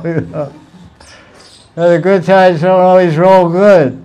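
A man's voice: a little high, steady tone, takes it slowly, pauses often, a little mellow, a little hiss or hum. A man giving an informal spiritual talk, telling stories with playful asides and frequent chuckles. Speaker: spiritual teacher.

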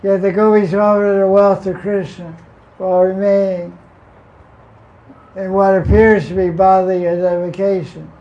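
A man reading a devotional text aloud and then adding his own informal commentary, unhurried and often repeating words as he goes. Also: high-pitched, little pitch movement, mellow, lo-fi sound. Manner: unhurried, repeats words and restarts, homely examples. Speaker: spiritual teacher reading and commenting on scripture.

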